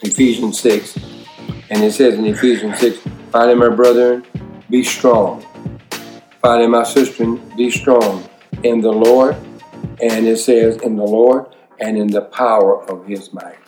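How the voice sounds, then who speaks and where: Male pastor, lower voice, preachy scripture reading, echoey room with soft music. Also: steady tone, measured pace. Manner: preachy, repeats scripture lines with emphasis. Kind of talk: evening Bible study sermon.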